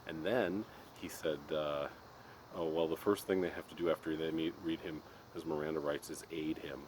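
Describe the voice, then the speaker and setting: A middle-aged man with a very low, deep voice rants in a loose, exasperated monologue, stumbling and restarting as he talks. Clear background noise hums behind him. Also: fairly even intonation, normal speed, a little mellow. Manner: exasperated ranting, frequent restarts and laughs. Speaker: podcast host. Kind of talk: casual monologue. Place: Colorado. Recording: noisy background.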